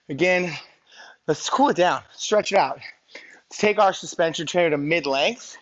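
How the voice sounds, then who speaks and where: A winded male fitness coach leads a live workout in a slightly high voice. He counts reps, whoops to push people on, then slows into calm breathing and stretching cues. The audio is a bit dull.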